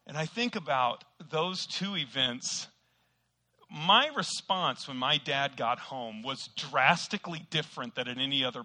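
A middle-aged man preaching a sermon, telling a folksy, self-deprecating story from his youth with sudden loud outbursts. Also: medium pitch.

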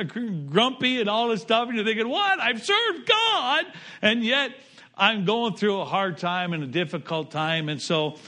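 Brief: middle-aged male pastor, high clear voice, dynamic pulpit delivery. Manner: preachy, swings between loud raised lines and low quiet ones. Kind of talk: sermon.

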